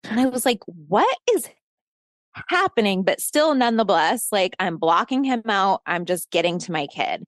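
A woman in her thirties tells a tense personal story in a casual interview, lively and profane, often laughing and acting out shouted lines. Her voice sits in a middle register. The sound is dry and close, with no room around it. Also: mid-range voice, normal speed, dry recording. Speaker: podcast host telling a personal story as interview guest.

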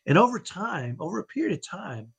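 Earnest guy on a podcast giving parents pep talk advice, kinda high and breathy voice. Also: sing-song, a little fast, a bit bright. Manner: earnest, tags points with "right?". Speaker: podcast guest, parenting coach.

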